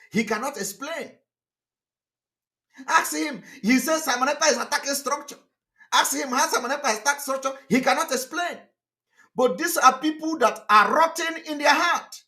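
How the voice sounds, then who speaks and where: A man speaks in a high, animated voice that swoops up and down as he delivers a heated broadcast. His tone is bright and sharp, full of mocking laughs and repeated jabs at his critics. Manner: mocking, laughing, repetitive rhetorical. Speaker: activist broadcaster. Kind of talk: impassioned broadcast monologue.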